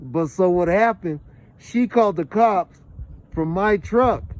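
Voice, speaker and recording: A man from Los Angeles telling a profane personal story with animated delivery, acting out what people said. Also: high-pitched, takes it slowly, rough recording. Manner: lively, profane, acts out quotes.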